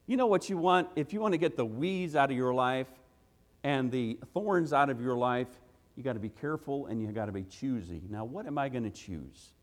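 Speaking at a medium pitch and a moderate pace, an animated preacher gives an evening sermon in a church sanctuary. His delivery is folksy and emphatic, peppered with "gotta," "ain't," rhetorical questions, and a punctuating "hey." Long hall reverb surrounds him.

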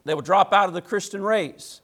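High-pitched and fairly quick, with vocal fry and a fairly bright tone, a man preaches a sermon as pastor. He talks to the congregation in a folksy, conversational style, leaning on emphatic repetition and rhetorical questions.

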